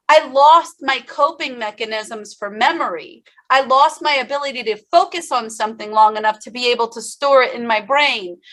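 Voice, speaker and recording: A woman's voice: high-pitched, bright, forceful tone. A woman giving a motivational keynote speech, telling her story with passion and speaking straight to the audience. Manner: impassioned storytelling, addresses the audience directly.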